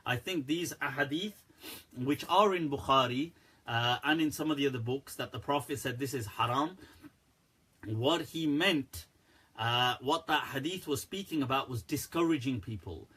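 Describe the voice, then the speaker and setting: A man, an Islamic scholar, answering viewer questions on a live stream in a candid, animated way, laughing often. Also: mid-range voice, moderate pace, slightly rough.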